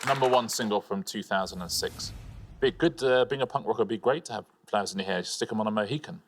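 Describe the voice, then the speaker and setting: A man's voice: fairly low pitch, quick pace, a faint crowd, slight background noise. A man co-hosting a TV quiz show, explaining rounds and adding dry, wry asides. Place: TV studio.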